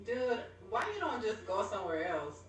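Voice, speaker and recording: A woman's voice: mid-range voice, expressive, normal speed. A woman calling into a livestream, answering the host defensively and with annoyance. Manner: defensive, annoyed, calls him a weirdo. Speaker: livestream guest. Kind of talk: heated livestream back-and-forth. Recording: echoey, distant call-in audio.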